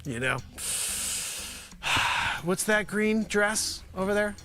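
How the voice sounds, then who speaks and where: A man hosting his own show, rambling through a sarcastic, excitable comic sales pitch. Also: takes it slowly, over music. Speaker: host. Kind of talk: comedic improvised pitch.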